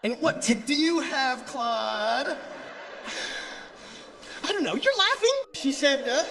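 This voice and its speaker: Brazilian stand-up comic, man, high bright voice, teasing crowd-work banter. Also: slow, gravelly, pauses often. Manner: teasing, animated, laughing often. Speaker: stand-up comedian. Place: comedy stage before an audience.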